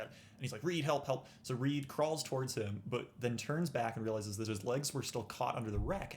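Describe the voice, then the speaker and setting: A man's voice: lowish voice, a little hiss or hum. A young man co-hosting a podcast, recapping a film with a dry, sarcastic wit. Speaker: podcast co-host. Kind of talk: casual film review chat.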